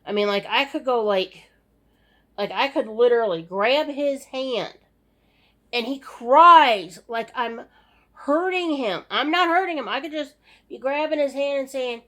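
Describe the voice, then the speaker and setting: A woman's voice: sits high, lively intonation, unhurried, fairly bright tone. Weary sighing woman vlogger. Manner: weary, sighing, rambling with frequent restarts. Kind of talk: casual personal update to camera. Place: home at night.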